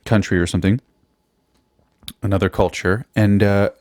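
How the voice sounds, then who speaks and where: Solo podcast host, male, lowish voice, dry booth sound; loose, foul-mouthed, self-deprecating comic rambling. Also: fairly even intonation, moderate pace, darkish tone, no room sound. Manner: rambling, profane and self-mocking. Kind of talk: casual comedic monologue.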